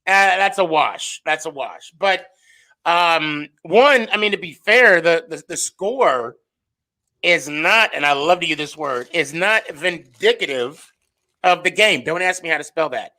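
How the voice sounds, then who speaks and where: A man's voice: fairly high pitch, expressive, unhurried, bright, forceful tone. A man co-hosting a casual sports podcast, rambling with many fillers and restarts. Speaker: podcast co-host.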